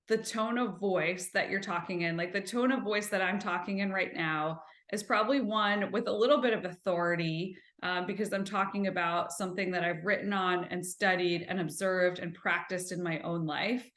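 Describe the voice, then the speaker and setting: A woman's voice: medium pitch, roomy sound. A woman hosting a self-help podcast, talking earnestly in a coaching tone and asking her listeners rhetorical questions. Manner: slows and softens when describing gentle listening. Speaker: podcast host.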